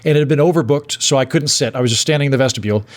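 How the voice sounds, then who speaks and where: A man's voice: mid-range voice, racing. A man hosting a podcast, telling rambling comic stories in casual chat with lots of restarts. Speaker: podcast host.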